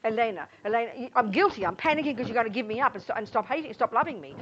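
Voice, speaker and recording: Animated woman teaching, lo-fi recording. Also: fairly high pitch, very fast, few pauses. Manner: animated, emphatic, acts out little scenes. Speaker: Buddhist nun teacher. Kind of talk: informal teaching to a class. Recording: dull lo-fi sound, faint noise.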